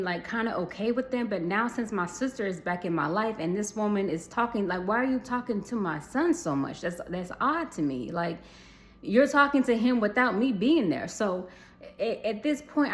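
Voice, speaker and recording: A young adult woman telling a personal story to viewers in a casual storytime vlog, chatty, calling them y'all and swearing freely. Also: medium pitch.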